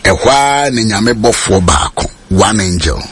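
A man preaching a sermon, mixing Twi and English and rising to high shouted peaks. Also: animated, unhurried.

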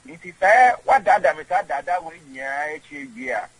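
A man, rambling in halting speech with many repeated words as an interview guest on radio. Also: on the high side, big pitch swings, husky, dry recording, poor audio. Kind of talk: casual interview.

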